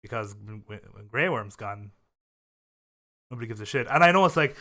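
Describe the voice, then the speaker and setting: A man's voice: medium pitch, lively intonation, moderate pace, long pauses, sharp tone. A young man hosting a casual chat show, talking in a profane, rambling way full of fillers and restarts. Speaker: podcast host.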